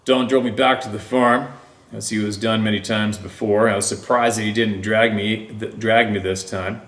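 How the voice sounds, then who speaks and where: A man with a lowish voice reads a first-person story aloud. He takes it slowly and deliberately, drawing out his pauses. The sound is echoey, as though he is in a bare room. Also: flat delivery, fairly bright tone. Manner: slow, deliberate reading with drawn-out pauses. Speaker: story narrator. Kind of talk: scripted narration of a first-person encounter story.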